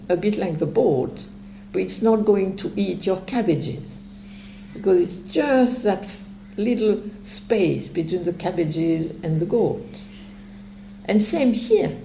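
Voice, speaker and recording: A woman, giving meditation instruction as a teacher in a slow, gentle, explanatory way with long pauses. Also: lowish voice, vocal fry. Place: retreat center meditation hall. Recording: echoey hall with faint hum.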